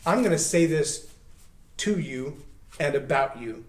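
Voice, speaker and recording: A man with a somewhat high voice gives earnest motivational teaching straight to the listener. He urges, slows, and leans hard on key words. The sound carries a noticeable room echo. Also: expressive. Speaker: author and personal growth speaker.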